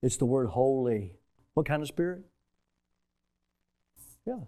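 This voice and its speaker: A man preaching a sermon as a pastor, emphatic, moving between loud stressed phrases and hushed asides. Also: medium pitch, expressive, takes it slowly.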